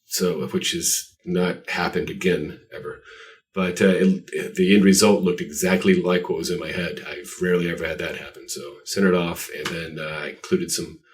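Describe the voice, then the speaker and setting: A man's voice: low voice, fairly even intonation, moderate pace. A man guest on a podcast interview, telling rambling, self-deprecating stories. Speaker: guest artist. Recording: voice distant from the mic.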